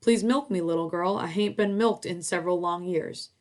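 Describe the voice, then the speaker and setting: A woman's voice: on the low side, normal speed, lightly acted. A woman voicing an old cow that pleads to be milked. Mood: pleading.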